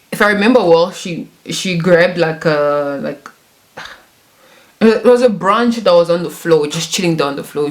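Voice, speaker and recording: A woman in her twenties telling a casual story, chatty and self-mocking, laughing often. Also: on the low side. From Congo and South Africa. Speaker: YouTuber.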